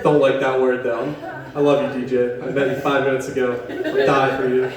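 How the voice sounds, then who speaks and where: A man's voice: medium pitch, level tone, moderate pace. A young man from West Virginia doing a stand-up set at an open mic in a coffee shop, rambling, profane and self-deprecating as he riffs with the crowd. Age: young adult. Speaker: stand-up comedian. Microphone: camera set up in the room. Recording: echoey room, mic far from the stage. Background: audience laughing.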